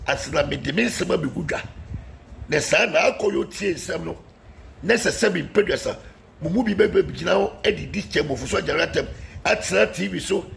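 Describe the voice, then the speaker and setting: A man's voice: high-pitched, vocal fry, fairly bright tone. A man delivering a heated political rant, combative and scolding, repeating warnings at his critics. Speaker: political commentator.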